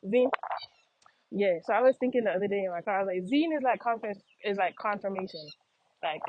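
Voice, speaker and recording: This American vlogger, young and speaking with a Jamaican patois accent, delivers a casual monologue while walking outside, repeating phrases as she talks to viewers. Her medium-pitched voice moves a little fast over heavy background noise, and the lo-fi audio sounds slightly dull.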